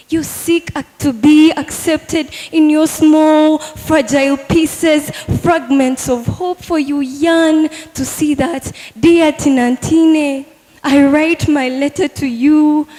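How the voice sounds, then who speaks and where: A woman's voice: high-pitched, darkish tone. A teenage girl performing an earnest spoken word poem at a live competition, speaking straight to a friend. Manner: earnest, addressing a friend directly in verse. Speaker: student poet. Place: large hall at a live competition. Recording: echoey hall with long reverb.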